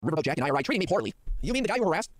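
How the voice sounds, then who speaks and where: A man streaming live, ranting in a rapid, exasperated way. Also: a little high, big pitch swings, no room sound.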